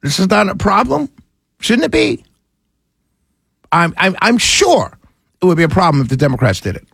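High-voiced excitable male talk radio host. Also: moderate pace, gravelly, husky, no room sound. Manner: frustrated, excitable, ranting then calming himself. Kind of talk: live talk radio monologue.

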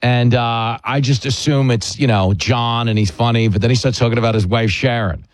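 A man's voice: medium pitch, normal speed, no echo. A man hosting a radio talk show, joking and telling stories about himself. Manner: joking, self-mocking, animated storytelling. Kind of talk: casual radio chat.

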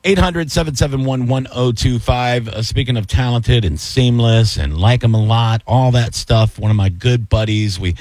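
A man hosting a sports radio show, talking in an animated, excitable way and calling people "dude" and "buddy". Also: mid-range voice, moderate pace, hardly any pauses, no echo. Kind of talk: casual sports radio chat.

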